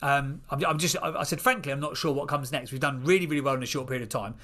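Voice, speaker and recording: A man in his thirties, a podcast guest, telling an animated story and acting out the voices of people in it. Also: medium pitch, fast talker.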